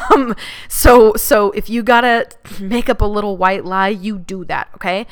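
A woman's voice: medium pitch, fairly even intonation, a little slow. A woman hosting a talk show who gives frank, casual advice in a candid, chatty way, swearing freely and using lots of "like" and "you know.". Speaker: podcast host.

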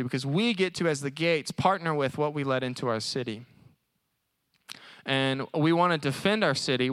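A man preaching at a college service in a conversational, animated way, often acting out little voices. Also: on the high side, clean tone, dry recording. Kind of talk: sermon.

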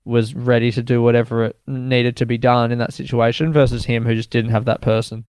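A man's voice: medium pitch, little pitch movement, fairly quick, a little mellow, clean tone, dry recording, studio quality. A young male stand-up comedian chatting casually as an interview guest, candid and rambling, swearing freely and laughing often.

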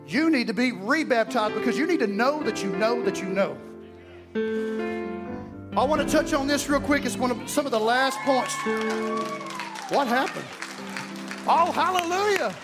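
A man preaching a fervent, folksy sermon in a church, breaking into shouts. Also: very high voice, animated, normal speed, pauses often, a loud crowd. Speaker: pastor. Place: church sanctuary. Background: music.

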